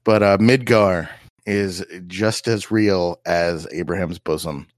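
Lowish-voiced man rambling in casual chat. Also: fairly even intonation, takes it slowly, no room sound, clean studio sound. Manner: rambling, with many restarts and fillers. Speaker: podcast co-host.

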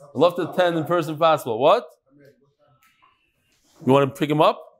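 Slightly high-voiced man reading messages to a class. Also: a little fast. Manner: reads messages aloud with asides, Yiddish and Hebrew terms. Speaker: Talmud class teacher reading listener messages. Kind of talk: casual talk to a live class.

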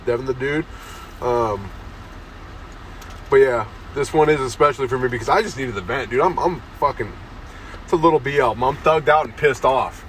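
A young comedy podcast host rants crudely outside in a town near parked cars, saying "dude" over and over. He speaks at normal speed in a mid-range voice, with long pauses. The phone held close to his face picks up faint street noise.

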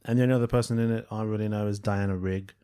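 A man's voice: on the low side, fairly even intonation, racing, warm tone, clear, resonant tone. A man co-hosting a podcast, chatting casually and jokily about a film. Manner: chatty, self-deprecating, jokey. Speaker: podcast co-host. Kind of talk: casual film review chat.

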